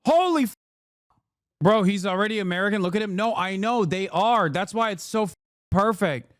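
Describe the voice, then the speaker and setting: A man's voice: high voice, brisk, fairly bright tone, no room sound. A man doing casual livestream commentary, sarcastic and profane, riffing and talking into a close desk mic. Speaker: streamer and political commentator.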